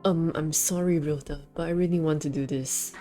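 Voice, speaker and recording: An earnest, slightly nervous young girl heroine speaks in a low, mellow voice, as a woman reads her lines. The delivery is slow, and faint game music plays behind. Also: steady tone, lightly acted.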